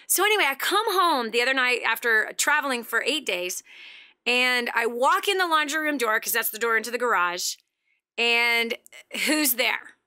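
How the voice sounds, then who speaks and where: A middle-aged woman hosting a motivational talk show, chatty and animated, laughing often as she talks. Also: fairly high pitch, moderate pace. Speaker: radio show host.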